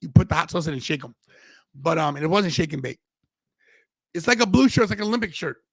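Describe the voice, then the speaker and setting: A male podcast host tells a story in loose, rambling casual chat, circling back and restarting his sentences. His voice sits a little high for a man and has a gravelly edge. The sound is close and dry. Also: lively intonation, fast talker, fairly bright tone, dry recording.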